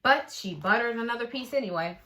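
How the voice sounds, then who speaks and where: A woman narrating a children's storybook aloud with expressive reading. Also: a little high, a little fast. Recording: echoey room.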